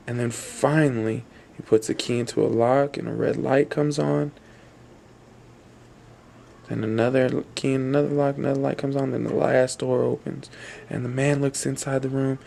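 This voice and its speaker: A man's voice: medium pitch, creaky, darkish tone, slight background noise. A man telling a spooky story aloud in a rambling, repetitive way, briefly voicing the people in it. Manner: rambling, repetitive, voices quoted characters. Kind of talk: spoken campfire-style storytelling.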